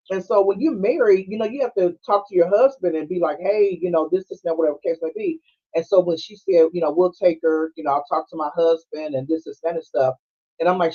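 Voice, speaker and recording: High voiced guy recapping a movie in aave, laughing, doing everybody's lines, kinda muffled audio. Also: breathy edge. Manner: animated storytelling with frequent laughing and quoted voices. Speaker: podcast host. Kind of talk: casual movie recap chat. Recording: dull lo-fi streaming audio.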